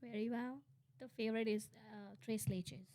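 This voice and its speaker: A woman chatting casually on a podcast, playful and quick with her reactions. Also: a little high, fairly even intonation, warm tone. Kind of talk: casual chat.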